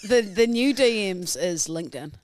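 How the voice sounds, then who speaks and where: Playful woman, lively banter. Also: medium pitch, a little hiss or hum. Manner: teasing, playful, quick banter. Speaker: podcast co-host. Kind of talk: casual chat.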